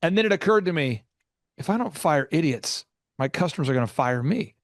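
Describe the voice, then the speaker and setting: A man hosting a business podcast, telling stories in an animated, sarcastic way with big swings in pitch. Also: brisk, no room sound, studio quality. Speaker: podcast host.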